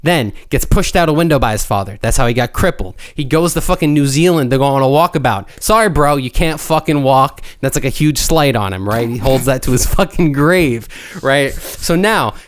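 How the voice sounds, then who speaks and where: A young man co-hosting a casual podcast, recapping a story in a rambling, excitable, profane way. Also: mid-range voice, normal speed, few pauses. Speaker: podcast co-host. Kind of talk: casual chat.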